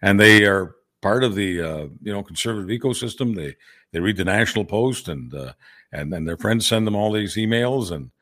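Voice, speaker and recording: A man's voice: on the low side, expressive, moderate pace, a bit bright. A man co-hosting a political podcast, opinionated and emphatic, often restarting his sentences. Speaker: podcast co-host. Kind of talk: casual political chat.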